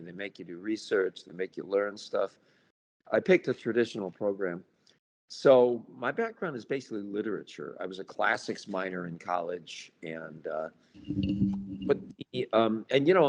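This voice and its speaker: Here a U.S. author and paranormal researcher talks informally with an interviewer, his lowish voice creaky as he tells wry tales. He acts out small scenes, mimicking party chatter along the way.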